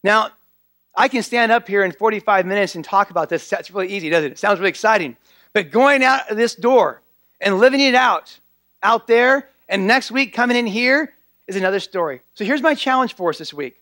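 This sermon comes from a pastor whose notably high, slightly bright voice moves briskly with lively intonation. Sincere in tone, he drives his points by repeating key phrases, and the sound is close and dry with minimal reverb.

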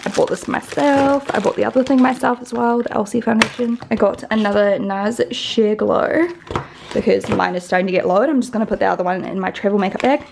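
A young woman from New Zealand chatting casually at home for her vlog, rambling and dropping fillers as she goes. Her voice is a little gravelly and has a slight lisp, with a faint hiss of noise behind it. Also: medium pitch, a little fast. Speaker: beauty vlogger.

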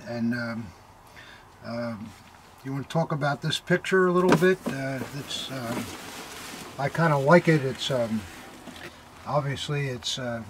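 An older man hosting a casual unboxing chat, halting and full of fillers, often breaking off in awe. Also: medium pitch, slight background noise. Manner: hesitant, full of fillers and awed exclamations. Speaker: militaria dealer hosting unboxings.

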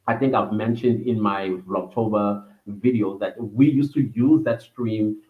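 A man's voice: lowish voice, a little slow. A man from Africa, hosting a livestream and telling a personal story in a reminiscing, meandering way with many fillers. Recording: echoey room over a tinny phone-like line.

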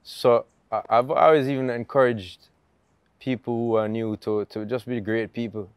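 A middle-aged Jamaican man telling stories in a relaxed, easygoing interview chat, laughing often. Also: mid-range voice, normal speed, clean tone, dry recording. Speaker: guest musician.

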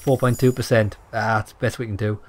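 Young male gamer, rapid, blunt, sweary let's play commentary. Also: fairly low pitch, little pitch movement, a little hiss or hum. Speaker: gaming YouTuber. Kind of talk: let's play commentary, reading game text aloud.

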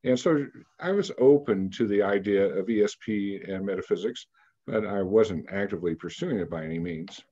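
A man in his sixties from Kansas, a radio interview guest telling a story at a measured pace with frequent pauses and fillers. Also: on the low side, warm tone, lo-fi sound. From Kansas, United States. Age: 60s.

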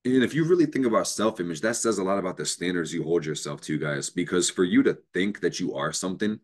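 A man's voice: sits low, animated, fast. A man hosting an astrology show, giving an unscripted motivational talk, emphatic and profane, with bursts of laughter.

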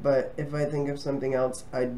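A man's voice: mid-range voice, level tone, fairly quick, mellow, a little hiss or hum. Chatty man vlogging with lots of ums. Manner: rambling, with frequent ums and restarts; friendly and chatty. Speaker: travel vlogger. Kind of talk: casual talk to camera.

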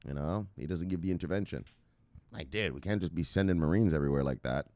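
A man's voice: deep voice, fast talker, darkish tone, no echo. A man hosting a crypto news show, rambling casually with profanity and hype outbursts.

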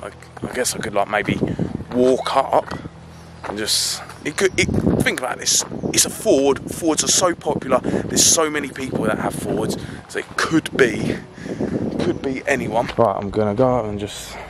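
A man's voice: mid-range voice, moderate pace, heavy background noise. A young man talking to camera in a vlog, nervous and hesitant. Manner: nervous, whispering asides, then yelling. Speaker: vlogger. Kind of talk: handheld vlog commentary.

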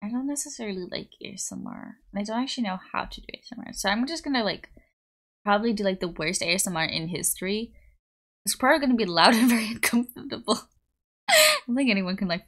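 A woman's voice: mid-range voice, big pitch swings, quick pace, fairly bright tone. Bubbly young woman streamer chatting. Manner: bubbly, rambling, giggly, reads chat aloud. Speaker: livestreamer. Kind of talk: casual chat with live chat. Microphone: desktop USB mic.

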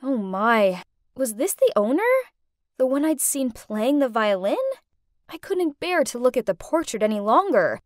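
A young woman narrating a first-person animated story in a dramatic, expressive way. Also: fairly high pitch, unhurried, dry recording, clean studio sound.

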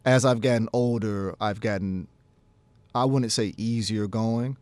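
A man's voice: on the low side, fairly even intonation, a little slow, a little mellow, no room sound. A man in his thirties, a jazz pianist and teacher, telling stories in a casual radio studio interview and acting out his own past conversations.

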